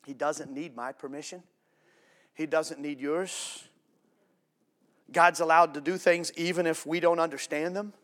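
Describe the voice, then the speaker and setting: Fervent male preacher, rising and hushing. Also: fairly high pitch, fairly even intonation, measured pace, long pauses. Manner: dynamic preaching, swings from loud emphatic to hushed; conversational asides to congregation. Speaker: pastor. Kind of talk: sermon.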